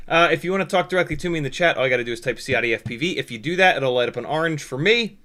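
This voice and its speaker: Guy hosting a live stream, bright slightly high voice, jokey, swears a lot. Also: very fast, hardly any pauses. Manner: joking, animated, swears freely. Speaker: livestream host. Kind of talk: casual live-stream chat.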